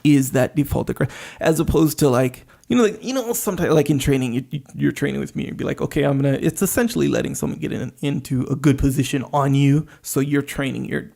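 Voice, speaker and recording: A man's voice: medium pitch, fast, creaky, few pauses, mellow. A man co-hosting a podcast, talking casually and hesitantly, thinking aloud with many fillers. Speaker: podcast co-host. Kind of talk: casual conversation.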